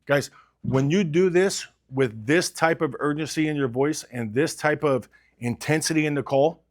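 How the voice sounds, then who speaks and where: Guy coaching a sales team, high-ish voice, urgent pushy delivery. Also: normal speed. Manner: energetic, urgent, role-plays sales calls. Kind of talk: sales training talk.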